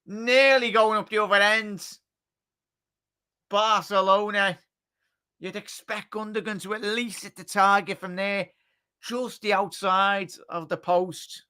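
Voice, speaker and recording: A man giving live match commentary on a fan watchalong, chatty and joking, shouting at the big chances. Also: high voice, steady tone, slow pace, clear, resonant tone. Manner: chatty, jokey asides.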